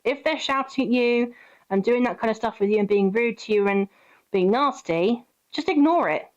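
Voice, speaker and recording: A woman's voice: on the high side, moderate pace. Chatty woman streamer, lo-fi audio. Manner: chatty, gently reassuring, giving advice to viewers. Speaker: live streamer. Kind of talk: casual live-stream chat.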